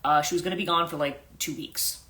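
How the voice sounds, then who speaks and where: A woman's voice: deep voice, fairly even intonation, a little fast, pushed and bright. A woman who works as a life coach, retelling a story in a rambling, casual livestream chat with many restarts and self-corrections.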